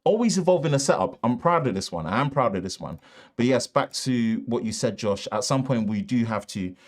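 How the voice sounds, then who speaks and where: Speaking briskly and expressively, a man with a Northern English accent chats through the tech news on a live stream, rambling with asides and restarts. His voice sits at medium pitch with a slightly mellow quality, captured by a shotgun mic in a treated home studio.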